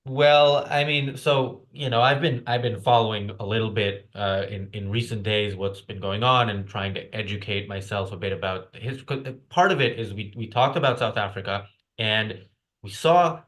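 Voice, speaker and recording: A man's voice: lowish voice, normal speed, a bit bright. A man hosting an online talk show, speaking hesitantly with many fillers and restarts. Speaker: host. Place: lives in the UK.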